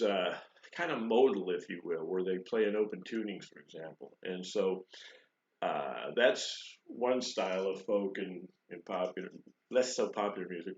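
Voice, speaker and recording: Joking low-voiced man teaching guitar. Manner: rambling, joking, with frequent fillers and restarts. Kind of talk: casual spoken guitar lesson. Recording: echoey room, dull lo-fi sound.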